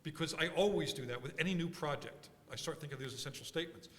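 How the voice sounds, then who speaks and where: A man from Philadelphia giving a conference workshop talk, animated and thinking aloud with frequent restarts. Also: fairly high pitch, quick pace. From Philadelphia, USA. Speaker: workshop speaker. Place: large conference hall. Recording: conference hall reverb.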